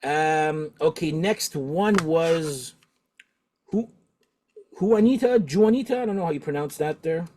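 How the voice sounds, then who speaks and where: A middle-aged man hosting a casual talk show, talkative and animated, laughing often. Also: fairly high pitch, unhurried. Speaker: podcast host. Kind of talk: casual chat.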